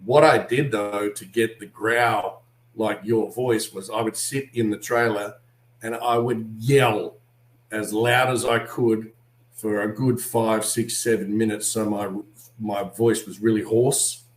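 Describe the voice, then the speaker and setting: A man with an Australian accent, an actor guest on an interview, telling animated anecdotes and acting out what other people said. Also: on the low side, slow, reverberant, slight background noise, poor audio. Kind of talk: casual interview storytelling.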